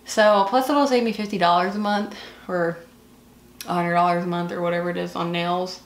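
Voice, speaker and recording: Doing her makeup, this Southern-accented woman in her twenties chats and gushes like the beauty vlogger she is, full of filler words. She speaks at normal speed in a lowish voice with fairly even intonation, recorded in an echoey room.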